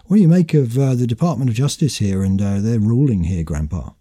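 A man's voice: mid-range voice, animated, a little fast, warm tone, husky. A man hosting an opinionated commentary chat, arguing his points and asking rhetorical questions. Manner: argumentative, asks rhetorical questions. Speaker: host.

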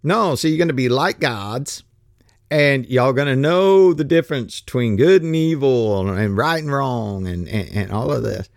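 Man with voicing a smooth male tempter serpent, wheedling and lively, in a dry close sound. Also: mid-range voice, normal speed, no room sound.

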